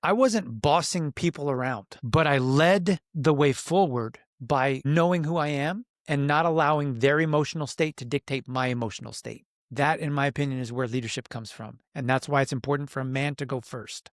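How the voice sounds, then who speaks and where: A man's voice: medium pitch, moderate pace, few pauses, no room sound, clean studio sound. A middle-aged man, a coach for men, telling a personal story on a podcast in an earnest, reflective way and acting out his own inner voice. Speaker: podcast guest, men's coach.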